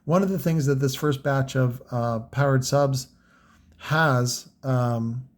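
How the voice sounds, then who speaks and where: A car audio seller reviews the products he sells in casual, unscripted talk, rambling with frequent fillers and profanity. His voice sits in the mid range and he speaks slowly.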